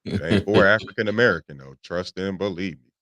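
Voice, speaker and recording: A man co-hosting a casual podcast discussion, talking in an animated, emphatic way and swearing freely. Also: low voice, fairly quick, no room sound, studio quality. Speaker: podcast co-host.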